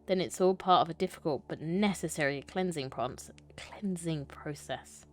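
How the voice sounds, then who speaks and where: A woman's voice: low voice, normal speed. A woman reading a falsely casual, sweet-talking nurse in a story game. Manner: studied casualness.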